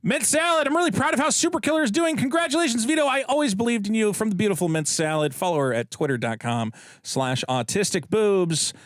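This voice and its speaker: Guy with a high lively voice reading chats, crude jokes, dry room. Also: no room sound. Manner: quick, jokey, crude banter. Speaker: podcast co-host reading super chats. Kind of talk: casual podcast chat.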